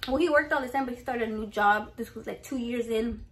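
High-voiced woman telling a profane story. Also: fairly quick. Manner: profane, blunt and animated, quoting people. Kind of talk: casual storytime vlog.

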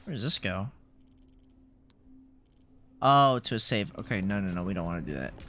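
Brief: male streamer, bright, forceful voice, joking mock panic while he plays, faint background sound. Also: low-pitched, sing-song, moderate pace, slight background noise. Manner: jokey mock panic, talks to game characters. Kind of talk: live gameplay commentary.

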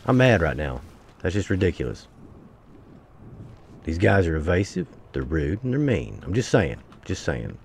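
A man's voice: low-pitched, big pitch swings, moderate pace, gravelly, pauses often, a little mellow, slight background noise. A man giving casual gameplay commentary, swearing freely and grumbling to his viewers as he plays. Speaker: gameplay streamer.

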